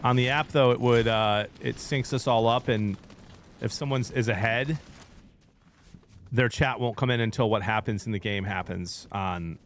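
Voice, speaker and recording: A man's voice: medium pitch, normal speed, slight background noise. A man streaming a game, chatting casually and jokingly with his viewers. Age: middle-aged. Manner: chatty, jokey, talks to chat while playing. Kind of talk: casual gaming livestream chat.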